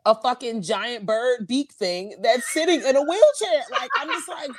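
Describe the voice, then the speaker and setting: A woman co-hosting a podcast in casual, expressive chat. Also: a little high, dry recording, clean studio sound. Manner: animated, expressive, quick asides. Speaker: podcast co-host.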